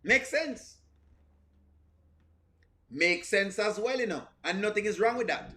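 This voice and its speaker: Slow but expressive, the high voice of this reaction channel host sounds bright and forceful. He has a strong non-standard English accent and, streaming live, comments animatedly on skits, repeats points, and greets his chat.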